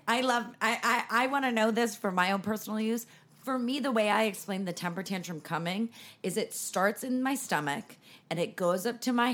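A young woman hosts a relaxed podcast chat in an ordinary mid-range voice. She speaks earnestly and with enthusiasm, often rushing ahead in quick bursts. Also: mid-range voice. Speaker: podcast host. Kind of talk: casual chat.

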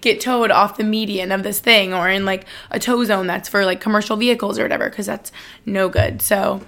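Chatty young woman with gravelly fry. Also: mid-range voice, steady tone, a bit bright. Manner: chatty, fast, filler-heavy with frequent "like". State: slightly out of breath. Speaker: podcast host. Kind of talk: casual solo podcast chat.

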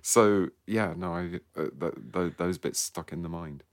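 A man in his forties, a guest author, chatting in a wry, self-deprecating way with halting restarts. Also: low-pitched, dry recording, clean studio sound. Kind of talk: casual interview chat. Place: studio.

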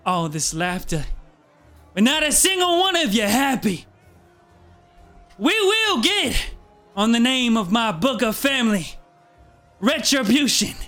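A man voicing an angry male gnome who rouses a mob and shouts from on top of crates. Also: very high voice, expressive, slow, soft background music, voice pushed up, exaggerated voice. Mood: angry rallying. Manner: shouting, theatrical. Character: angry rabble-rousing male gnome leader.

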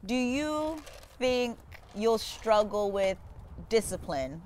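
A woman's voice: a little high, expressive, slow, a little mellow, slight background noise. A woman as podcast co-host, asking casual questions with hesitant restarts.

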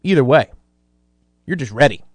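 A man's voice: mid-range voice, lively intonation, normal speed, no echo. A man co-hosting a sports radio show, trading wry, teasing banter. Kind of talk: casual sports radio chat. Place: radio studio.

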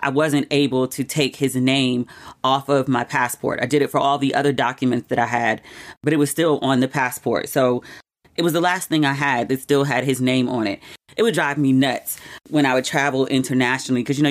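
Chatty expressive woman telling a story. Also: a bass voice. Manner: chatty and expressive, quick asides, laughs often. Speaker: podcast host. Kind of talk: candid personal storytelling.

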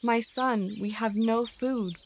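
A woman's voice: fairly high pitch, fairly even intonation, takes it slowly, slight background noise. A woman voicing an old male badger, a humble and hungry father who speaks in a pleading, prayerful way, in a storybook tale. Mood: earnest.

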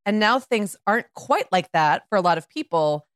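A middle-aged woman co-hosting a parenting podcast, her voice croaky, rambling and searching for words as she chats. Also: mid-range voice, expressive, normal speed, dry recording, studio quality. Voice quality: croaky in the morning. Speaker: podcast co-host. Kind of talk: casual podcast chat.

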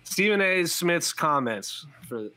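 A man's voice: on the high side, very animated, takes it slowly, bright, forceful tone. A man co-hosting a podcast, chatting casually and trailing off with fillers. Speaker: podcast co-host. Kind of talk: casual chat.

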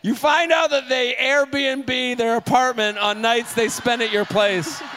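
A man's voice: extremely high pitch, fairly even intonation, unhurried, sharp tone, a little hiss or hum. A man hosting a live comedy show, joking and swearing as he banters with the crowd. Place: live venue with audience.

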